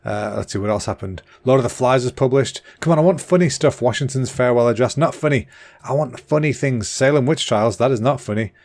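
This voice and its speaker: This is a man, hosting a casual solo podcast. His voice sits at an ordinary pitch for a man. He talks in an excitable, rambling way, a little out of breath, with a throat that sounds slightly clogged. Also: brisk. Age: 30s. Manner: chatty and excitable, with fillers and restarts. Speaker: podcast host.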